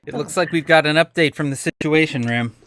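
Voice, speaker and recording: A man's voice: a little high, a little fast, fairly bright tone. A man in his thirties co-hosting a casual live-stream podcast, joking wryly and talking while he eats. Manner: wry, joking, talks while eating. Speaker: podcast co-host.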